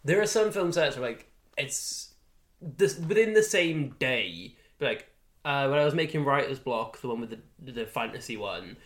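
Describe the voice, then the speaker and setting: A man chatting on a podcast, telling anecdotes with animated energy, swearing freely and mimicking the people in his stories. His voice sits in the middle range, and the room around him rings with noticeable echo. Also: medium pitch, normal speed. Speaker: podcast co-host. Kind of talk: casual chat.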